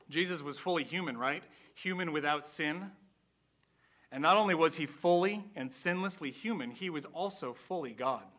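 Bright-voiced man preaching a sermon. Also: fairly high pitch. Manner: earnest, emphatic, slows down for emphasis.

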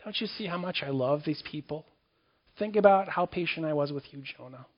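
A man preaches in an easy, conversational way and breaks into the quoted lines with sudden leaps in pitch. His voice sits fairly high. The recording sounds dull and lo-fi. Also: animated, brisk. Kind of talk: sermon on scripture.

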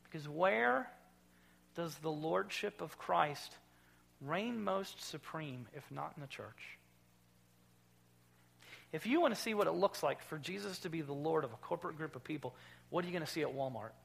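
A man preaching a sermon as pastor, emphatic, dropping low and then rising loud. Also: expressive, moderate pace, creaky, pauses often, husky. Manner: emphatic, swings from quiet to loud. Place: church sanctuary.

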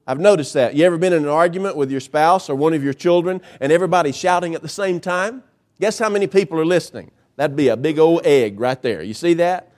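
A male pastor preaching a sermon, emphatic, with dramatic pauses and swings in pitch. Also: darkish tone.

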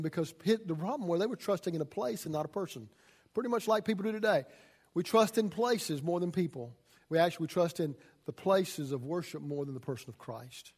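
A man preaching a sermon as a pastor, folksy and swinging from loud emphasis to hushed asides. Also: on the high side, husky.

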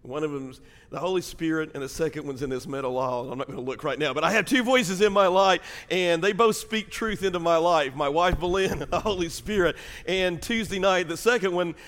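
A middle-aged man preaching a sermon as pastor, in pain from a back injury, swinging between hushed storytelling and loud, fervent preaching in a church. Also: fairly high pitch, brisk, few pauses. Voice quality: gravelly. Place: church sanctuary. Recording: long hall reverb.

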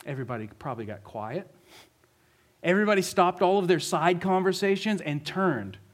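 A man's voice: high voice, animated, normal speed. Man preaching a conversational sermon. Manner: conversational, vivid storytelling with rhetorical questions. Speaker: pastor.

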